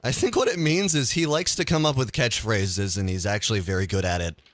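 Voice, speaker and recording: A man's voice: lowish voice, fairly quick, no echo. A man hosting a casual call-in radio show, ranting with energy and stumbling over his words. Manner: animated, ranting, stumbles and restarts.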